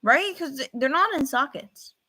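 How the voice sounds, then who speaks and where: A young woman chatting through a reaction video, thinking aloud and repeating herself when excited. Her voice is bright and swings widely in pitch. She sounds casual and unscripted. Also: unhurried, slight background noise.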